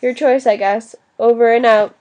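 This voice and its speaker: A chatty drive-in intercom, read by a woman in an audiobook, breezy and full of radio slang. The voice is a touch high with a dark, mellow color. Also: steady tone, moderate pace, natural voice. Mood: coaxing.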